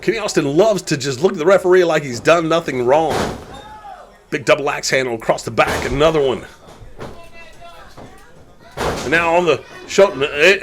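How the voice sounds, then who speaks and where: A man calling a wrestling match play-by-play, excitable and often shouting at the big moves. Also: a little high, moderate pace, pauses often, background noise. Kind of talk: live sports commentary.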